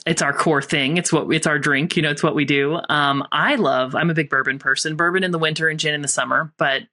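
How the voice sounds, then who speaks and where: A woman from Tennessee with a neutral, mid-Atlantic-leaning accent, chatting as a podcast guest, animated and quick to laugh. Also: low-pitched. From Tennessee, USA. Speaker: guest, copywriter and author. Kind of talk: casual podcast conversation.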